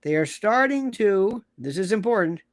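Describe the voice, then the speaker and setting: A man's voice: high-pitched, lively intonation, normal speed. A man hosting a livestream, reading out viewer comments and answering them in a blunt, combative way with lots of rhetorical questions. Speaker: host and legal commentator.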